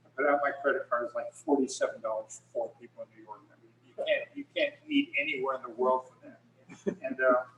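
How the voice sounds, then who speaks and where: A man's voice: mid-range voice, huge pitch swings, brisk, fairly bright tone, distant mic, dull audio, slight background noise. A middle-aged man, a photographer, telling rambling stories in casual talk on a video call with many restarts. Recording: echoey room, speaker off mic.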